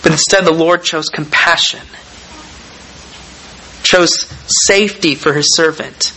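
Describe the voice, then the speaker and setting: Bright-voiced male preacher, measured delivery. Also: on the high side, fairly even intonation, slight background noise, low-quality recording. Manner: measured, deliberate delivery with emphatic pauses. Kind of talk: sermon with scripture reading.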